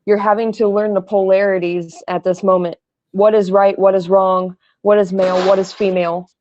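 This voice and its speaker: A woman doing a tarot card reading as a guest on a live stream, speaking calmly and earnestly. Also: medium pitch, moderate pace, lo-fi sound, a little hiss or hum. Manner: calm, earnest readings with fillers.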